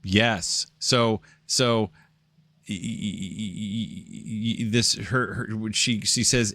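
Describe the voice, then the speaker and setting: A man hosts a casual commentary in a low voice. His sound is dry and close to the mic. He talks in a halting way, breaking off and pausing to find his place. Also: bright, forceful tone, no room sound. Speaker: host commenting on video clips.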